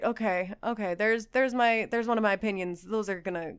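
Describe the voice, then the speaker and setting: A woman's voice: fairly high pitch, normal speed, few pauses, clear, resonant tone. A woman hosting casual commentary, reading posts aloud and reacting with sarcasm and frequent laughter. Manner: sarcastic, animated, laughs often.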